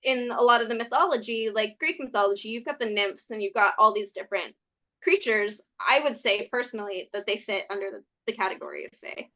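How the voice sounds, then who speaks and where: A woman from California, a podcast guest, telling stories in a lively, casual way, laughing often and saying "like" a lot. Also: medium pitch, fairly quick. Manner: animated, laughs often, many "like" fillers. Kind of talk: casual storytelling chat.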